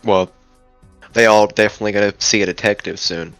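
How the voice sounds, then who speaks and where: Young man with joking deadpan sarcasm. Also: on the low side, a little fast, clean tone, no echo, soft background music. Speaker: co-host. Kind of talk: casual chat.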